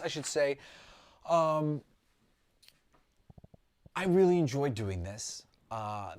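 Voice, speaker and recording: A man's voice: fairly low pitch, a little mellow. Rambling heartfelt man teaching a class. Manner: rambling, heartfelt, many ums and restarts. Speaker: spiritual teacher. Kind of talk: casual spoken lesson.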